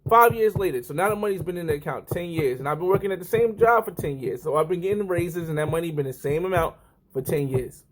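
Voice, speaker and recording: A man's voice: fairly high pitch, quick pace, slight background noise. Rambling, self-correcting man vlogger. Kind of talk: casual talk to camera.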